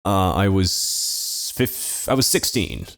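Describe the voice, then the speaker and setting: A young man tells a funny story on a comedy podcast, his pitch swinging widely as he goes. He talks casually and swears freely, and he often breaks into laughter. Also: lively intonation, takes it slowly, creaky, fairly bright tone. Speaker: podcast co-host telling a story.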